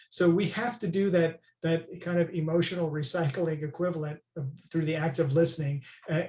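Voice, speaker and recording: A man talks earnestly as a podcast guest, his voice sitting a little high for a man. He stresses his points and keeps checking in with his listener. The sound has a noticeable room echo. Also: darkish tone. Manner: earnest, emphatic, many "right?" tags. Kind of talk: conversational interview.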